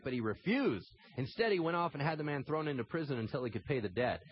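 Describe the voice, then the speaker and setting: A man preaching a sermon, telling the story with animated swings between loud emphasis and quiet intensity. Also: a little high, brisk, dull audio. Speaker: pastor.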